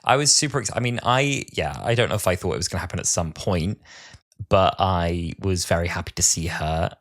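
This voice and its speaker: A man in his twenties co-hosting a podcast, chatting casually and acting out what others said in lively retellings. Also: sits low, a little fast. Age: 20s. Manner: chatty, acts out others' words in animated retellings. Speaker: podcast co-host. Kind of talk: casual chat.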